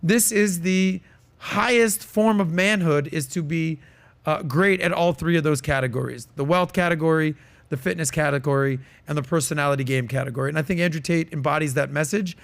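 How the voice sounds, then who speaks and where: Male podcast host, slightly high voice, opinionated, casual and emphatic. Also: fairly quick, vocal fry. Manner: emphatic, opinionated, many fillers.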